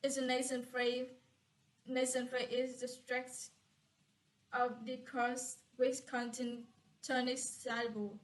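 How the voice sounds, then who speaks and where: A woman student reading a class presentation, halting and restarting as she goes. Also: high voice, flat delivery, poor audio.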